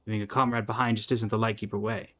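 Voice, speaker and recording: A man's voice: lowish voice, fast talker. A man voicing a weary wounded guard. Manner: put-on accent, tired, steady. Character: wounded male lantern guard, weary but stubborn.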